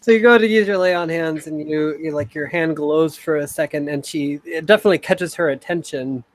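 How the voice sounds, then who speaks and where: A man runs a tabletop game and narrates the scene casually, with lots of "uh" and "like". His voice sits a little high and sounds dry and close. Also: brisk, dry recording, poor audio. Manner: casual, filler-heavy narration. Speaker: game master.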